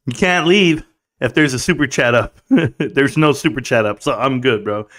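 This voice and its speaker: A man's voice: medium pitch, normal speed, a bit bright. A man hosting a casual livestream from a room at home, reading out chat in a laid-back, chummy way and laughing often.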